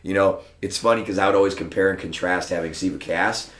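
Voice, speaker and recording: A low-voiced man spins casual stories as a podcast guest, cursing freely and acting out the people in them. His voice rings around an echoey room. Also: quick pace. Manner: profane, animated, acts out other people's lines. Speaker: podcast guest, martial arts school owner. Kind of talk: casual anecdotal storytelling. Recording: roomy echo.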